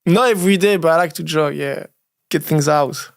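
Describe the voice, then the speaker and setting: French-accented male guest in his forties, easygoing and chuckling, a touch higher-pitched than most men. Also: vocal fry, smooth. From France. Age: 40s. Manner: easygoing, laughs often, halting English. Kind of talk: casual chat.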